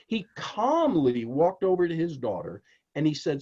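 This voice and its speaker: Male author guest, lively swooping delivery, emphatic storyteller, dull lo-fi sound. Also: fairly high pitch, normal speed. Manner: animated, emphatic storyteller who addresses the host directly. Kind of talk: interview storytelling.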